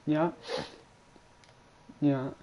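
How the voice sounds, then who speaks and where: Words come out drawn-out from this man, and the recording is muffled. He's streaming a video game, chatting casually and ribbing a friend with lots of swearing, his commentary profane and excitable.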